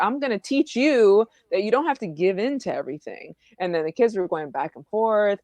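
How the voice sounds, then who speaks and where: A woman's voice: mid-range voice, a little fast, dry recording. A woman teacher, guest on a podcast, telling stories animatedly and acting out what people said. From Houston, Texas. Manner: animated storytelling, acts out quotes. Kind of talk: casual conversation.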